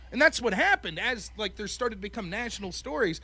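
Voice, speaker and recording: A man with a high, bright voice tells a story on his podcast, swearing freely and putting on mocking voices for the people he quotes. The sound is close and dry, with no room in it. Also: a little fast, dry recording. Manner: profane, animated, mocking voices when quoting people. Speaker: podcast host. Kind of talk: casual chat, storytelling.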